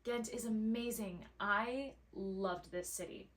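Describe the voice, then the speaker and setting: A woman from Canada co-hosts a studio podcast, chatting and telling stories with lots of quick asides. Her voice is bright and forceful. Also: mid-range voice. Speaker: podcast co-host. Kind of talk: casual chat.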